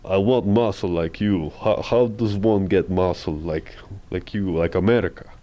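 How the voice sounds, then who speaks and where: A man's voice: low-pitched, moderate pace, highs cut off, lightly acted. A man playing a boastful Russian strongman leader in an improv scene, with a put-on Russian accent, broken grammar and pompous threats. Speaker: improv player.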